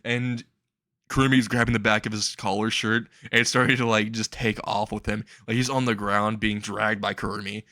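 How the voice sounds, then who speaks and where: A man's voice: on the low side, little pitch movement, normal speed, sharp tone, no room sound. A man telling a comedic story casually, crude, rambling and often laughing.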